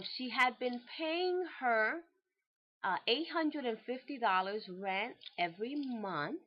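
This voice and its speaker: A woman hosting a real estate show, casually telling a client's story in an animated, chatty way. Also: a little high. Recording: dull lo-fi recording.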